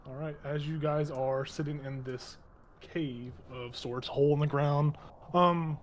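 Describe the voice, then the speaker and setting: A man's voice: on the high side, steady tone, a little slow, a little hiss or hum. A man running a tabletop game, narrating loosely with lots of fillers and laughs. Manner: rambling, laughing, many fillers. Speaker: game master.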